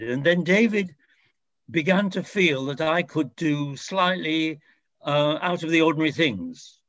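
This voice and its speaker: A man's voice: a little high, a bit bright, no echo. Older man reminiscing, dry and muffled. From France. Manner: rambling, self-correcting, chuckling. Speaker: actor. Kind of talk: reminiscing interview answer.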